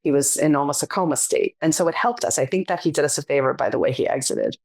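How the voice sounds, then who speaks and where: A middle-aged woman with a notably low voice, talking casually as a podcast co-host. She rambles a little, circling back fondly and thoughtfully. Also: fast talker, gravelly, a little mellow. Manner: reflective, rambling, fond. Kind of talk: casual chat.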